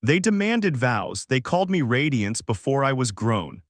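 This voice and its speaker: A man's voice: medium pitch, very animated, normal speed, dry recording, natural voice. A man voicing a cold, proud alien empress who speaks in clipped, imperial tones. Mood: hushed. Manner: imperial, clipped, quietly breaking.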